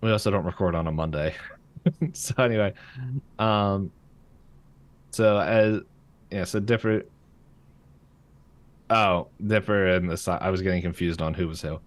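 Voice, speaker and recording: A man's voice: low voice, unhurried, long pauses. A man co-hosting a podcast, casually recapping a cartoon episode with lots of fillers and laughter. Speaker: podcast co-host. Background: passing freight train.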